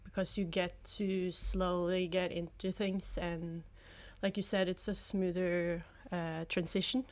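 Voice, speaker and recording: A young woman, a college soccer player, answers interview questions in a relaxed, casual way, using fillers like "um" and "like". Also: fairly low pitch, measured pace. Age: young adult. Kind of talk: conversational interview.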